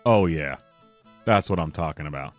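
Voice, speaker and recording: Man, very deep voice, casual joking commentary, faint guitar behind. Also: animated, normal speed. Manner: laid-back, joking.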